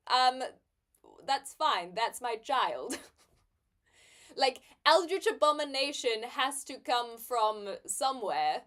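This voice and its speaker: Lively, chatty young woman streamer. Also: sits high, slow. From New Zealand. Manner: chatty, giggly, reads chat aloud. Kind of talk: casual chat with live viewers. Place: bedroom.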